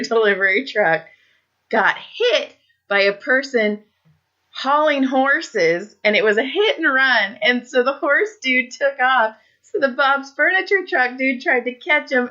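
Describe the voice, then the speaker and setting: This woman co-hosts a casual chat show and tells her stories in an animated way, laughing and swearing as she goes. Her voice is bright and forceful, and it comes through a dull, lo-fi recording. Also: on the high side. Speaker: podcast co-host.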